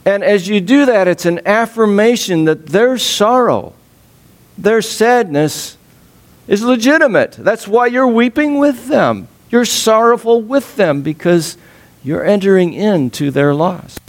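A man preaching a sermon as a pastor, expressive, laughing often and dropping soft and low on sad points. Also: measured pace.

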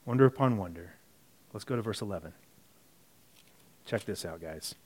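A man's voice: on the low side, expressive, normal speed. A male pastor delivering a sermon in a loose, conversational manner. He reads scripture and then comments on it, his voice sinking to near-muttered asides before rising sharply for emphasis. He often restarts and repeats words mid-thought. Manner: conversational preaching, swings from quiet asides to emphatic bursts; self-correcting, repeats words.

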